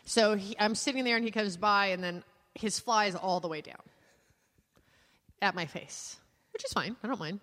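A woman co-hosting a podcast, telling a story in casual chat, animated and laughing as she acts out voices. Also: mid-range voice, moderate pace, long pauses, big-room sound. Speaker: podcast co-host.

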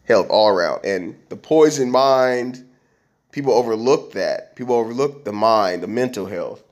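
A man's voice: medium pitch, expressive, normal speed. A man hosting a podcast, talking alone in a loose, rambling way with frequent restarts. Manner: rambling, conversational, with many restarts and fillers. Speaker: podcast host. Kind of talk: casual monologue.

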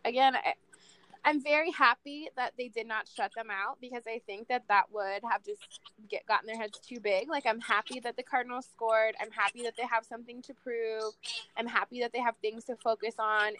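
A woman's voice: a little high, steady tone, a little fast, a bit bright. A woman in her late twenties in casual podcast chat, a candid sports fan who swears freely.

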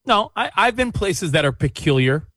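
High-voiced man asking probing questions. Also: sing-song, moderate pace, a bit bright, no room sound. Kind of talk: casual podcast chat.

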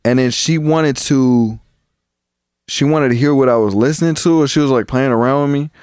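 A man's voice: mid-range voice, normal speed, darkish tone, clean tone, no room sound, studio quality. A young man co-hosting a podcast, telling long profane stories from childhood in a rambling, casual way. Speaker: podcast co-host. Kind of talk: casual chat.

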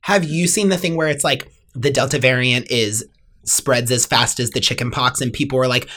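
Deep-voiced young woman ranting casually. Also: moderate pace, fairly bright tone. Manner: exasperated, ranting, frequent fillers. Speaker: podcast co-host. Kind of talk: casual chat.

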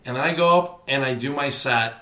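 A young male comedian chatting on a podcast, telling stories with animated energy and constant swearing. His voice is bright and forceful, at a middling pitch. The sound carries the echo of a roomy space. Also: a little fast. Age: young adult. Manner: animated storytelling, heavy swearing. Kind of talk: casual podcast chat.

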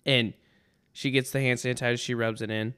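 A man's voice: mid-range voice, little pitch movement, fairly quick, sharp tone, smooth. A man hosting a podcast, telling a rambling, sarcastic story in a casual monologue full of restarts. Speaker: podcast host.

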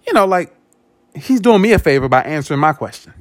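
A man's voice: a little high, moderate pace, no echo, clean studio sound. A man hosting a show, telling a personal story in a monologue, repeating words and acting out what others said. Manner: animated, repeats words, acts out quoted speech. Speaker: podcast host.

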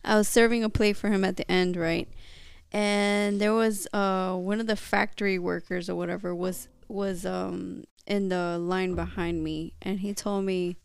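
A woman's voice: mid-range voice, level tone, unhurried, gravelly, smooth, no echo, clean studio sound. A woman co-hosting a podcast, blunt and laughing, swearing as she tells her stories. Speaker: podcast co-host. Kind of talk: casual chat.

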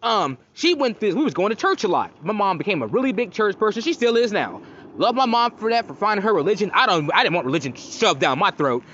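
A man in his thirties from Cincinnati tells stories in a casual podcast monologue, swearing freely and slipping into quoted voices. His voice is high and swings widely in pitch. The recording is muffled and lo-fi. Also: fast, slight background noise. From Cincinnati, Ohio. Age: 30s. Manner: profane, animated, acts out quotes in bursts. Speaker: podcast host.

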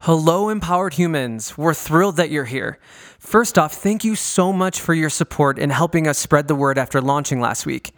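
A man's voice: on the high side, moderate pace. A man co-hosting a podcast, reading a welcoming scripted intro and introducing a guest. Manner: warm, welcoming, inviting. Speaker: podcast co-host.

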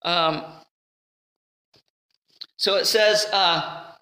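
A woman's voice: medium pitch, animated, normal speed, sharp tone, roomy sound. A woman giving an earnest, conversational Bible teaching, at times rising into pleading.

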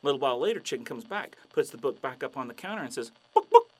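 A man's voice: medium pitch, animated, very fast. A man telling jokes and long shaggy-dog stories in a playful storytelling way. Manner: playful storytelling, acting out voices. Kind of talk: joke telling.

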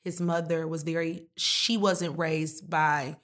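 A woman's voice: low voice, steady tone, slow pace, fairly bright tone. A woman talking candidly and emotionally in a heart-to-heart conversation, full of casual slang.

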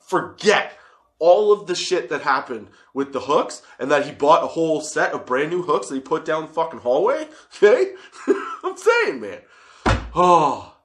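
A man's voice: fairly high pitch, fairly bright tone. A man in his thirties telling a workplace story as a casual monologue, swearing freely and laughing often.

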